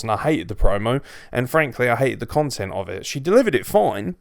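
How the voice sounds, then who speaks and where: Blunt male reviewer with a gravelly yet smooth voice, dry close sound. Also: mid-range voice, sing-song, fairly quick, no room sound. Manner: blunt, sweary and emphatic. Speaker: wrestling show reviewer. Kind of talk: casual opinionated review.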